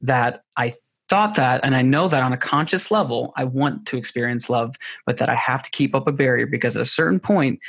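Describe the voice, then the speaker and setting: A man's voice: mid-range voice, creaky, fairly bright tone, no echo. A man talks openly in a podcast conversation. His voice stays level and unvaried, and he often restarts his sentences while he searches for the right words. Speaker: podcast guest. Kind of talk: candid personal conversation.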